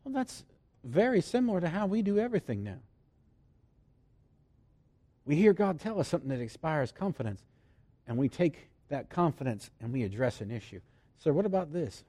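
Lively preacher, loud then hushed. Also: male voice, on the high side, moderate pace, long pauses, no echo. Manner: swings from loud emphasis to hushed near-whispers; laughs often between points. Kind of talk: sermon.

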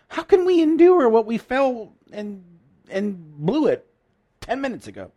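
A man's voice: very high-pitched, huge pitch swings, unhurried, warm tone. A man preaching a sermon in an earnest, emotional way, often restarting his sentences.

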